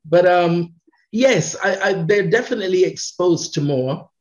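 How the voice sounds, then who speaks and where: A man's voice: high voice, lively intonation, unhurried, a little mellow. A man, a radio presenter, chatting in an interview, telling stories animatedly and laughing often. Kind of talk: casual interview chat. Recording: dull lo-fi sound.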